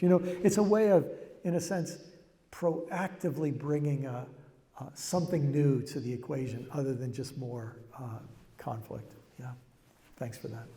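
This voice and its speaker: A man's voice: fairly high pitch, a little slow, mellow. An older man giving a reflective, conversational public talk, often restarting his phrases. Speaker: speaker. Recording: long hall reverb.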